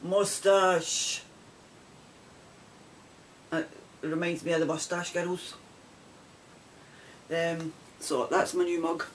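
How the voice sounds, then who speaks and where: A woman's voice: fairly low pitch, fairly even intonation, slow pace, long pauses, a little hiss or hum, poor audio. A middle-aged Scottish woman chatting casually to camera for her knitting video podcast, rambling and laughing as she goes.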